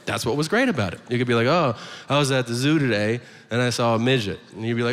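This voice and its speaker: A male comedian mid-rant, slipping into quick put-on voices to act out little exchanges. His mid-pitched voice rings out in a reverberant venue. A clear layer of live room noise sits under every line. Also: animated. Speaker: stand-up comedian. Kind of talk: stand-up routine. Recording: live stage recording, hall reverb, audience noise.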